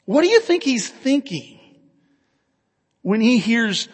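A man with a high voice preaches a sermon, earnest and conversational, asking his listeners questions as he goes. His voice rings out with a long reverb, as if filling a large hall. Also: sing-song, slow, husky. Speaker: pastor.

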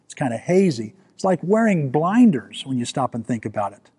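A man preaching a storytelling sermon, animated and self-mocking, acting out the scenes he recounts. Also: fairly high pitch, normal speed, slightly rough. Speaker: pastor. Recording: long hall reverb.

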